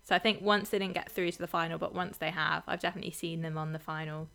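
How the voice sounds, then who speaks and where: Chatty bright-voiced woman podcaster. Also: fairly low pitch, level tone, fast, creaky. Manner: chatty, lots of fillers and giggles. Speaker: podcast co-host. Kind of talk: casual chat.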